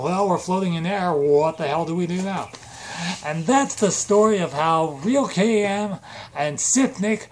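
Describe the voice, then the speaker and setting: Rambling goofy storyteller. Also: mid-range voice. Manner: rambling, hyper, full of fillers and asides. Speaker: channel creator. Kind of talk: comic improvised storytelling.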